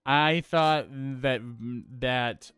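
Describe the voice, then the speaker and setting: A man co-hosting a casual movie review chat, ranting in an animated, profane, exasperated way. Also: medium pitch, very slow, clean tone, no echo. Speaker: podcast co-host.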